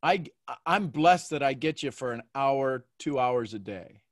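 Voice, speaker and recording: A man hosting a coaching call, talking in a playful, animated way and acting out little quotes. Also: mid-range voice, unhurried, no echo, clean studio sound. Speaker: host and mentor.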